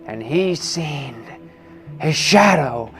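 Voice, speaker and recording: A man putting on the voice of a male ceremony announcer, proclaiming slowly and theatrically. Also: fairly high pitch, animated, a bit bright, soft background music, voice pushed up, exaggerated voice.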